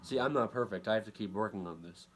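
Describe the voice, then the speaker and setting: A man giving a casual guitar lesson, talking in halting bursts with many restarts and counting beats aloud. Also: fairly low pitch. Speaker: guitar teacher. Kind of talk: casual instructional talk over guitar playing. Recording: loud guitar playing behind the voice.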